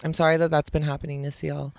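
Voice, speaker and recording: A woman's voice: low-pitched, little pitch movement, rapid-fire, vocal fry. A woman and comedian co-hosting a podcast in casual chat, laughing often and poking fun at herself. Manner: chatty, laughs often, self-mocking.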